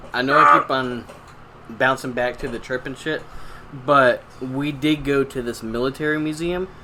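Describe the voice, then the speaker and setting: A man's voice: mid-range voice, noisy background. A young man co-hosting a casual podcast, joking crudely and swearing freely as he tells stories. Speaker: podcast co-host.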